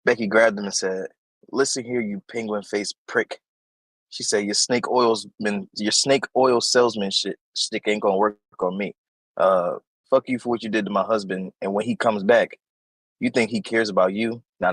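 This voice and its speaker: A man co-hosting a casual podcast, retelling events in a relaxed, dry way. His voice is husky and fairly low. The sound is close and dry. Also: normal speed, no echo, rough recording. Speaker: podcast co-host. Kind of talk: casual wrestling recap chat.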